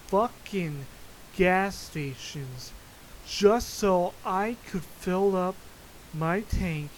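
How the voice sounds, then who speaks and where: A podcaster delivers an unhurried, swear-filled rant about everyday chaos, chuckling every few lines. The voice sits at a middling pitch and keeps a loose, storytelling rhythm. A faint hiss runs under the recording. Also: low-quality recording. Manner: profane, frequently laughing, animated storytelling. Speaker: podcast host. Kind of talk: casual solo rant. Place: Florida.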